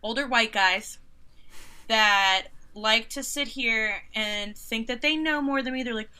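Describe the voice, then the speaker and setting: A woman in her thirties with a bright, somewhat high voice, chatting casually as an interview guest. She tells her stories with animated sarcasm, often slips into other people's voices to quote them, and leans on "like" as a filler. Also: a little slow, smooth. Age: 30s. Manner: frequent "like" fillers. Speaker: interview guest, concert photographer.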